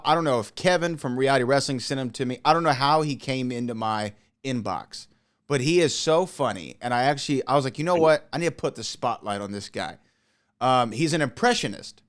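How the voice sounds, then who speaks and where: A man with a middle-range voice co-hosts a wrestling podcast. He shares stories with eager energy. He often stumbles into quick restarts as he talks. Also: medium pitch, smooth. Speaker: podcast co-host. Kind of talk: casual chat.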